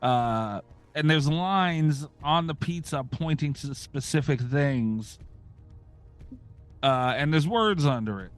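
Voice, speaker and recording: A man's voice: on the high side, lively intonation, takes it slowly, clear, resonant tone, soft background music. A middle-aged man hosting a podcast, chatting casually, ranting sarcastically and swearing freely. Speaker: podcast host.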